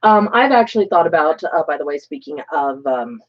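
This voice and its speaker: A woman's voice: sits low, lively intonation, fairly quick. A woman with a grainy voice, chatting casually and joking with plenty of fillers as co-host while crafting. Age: adult with children. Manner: rambling, joking, many fillers. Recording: slightly muffled stream audio.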